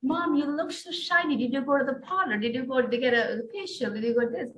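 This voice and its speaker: An excited young daughter, as her mother acts her out, rattles off eager questions in a high, quick voice. She sounds bright and affectionate. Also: echoey room, a little hiss or hum, natural voice.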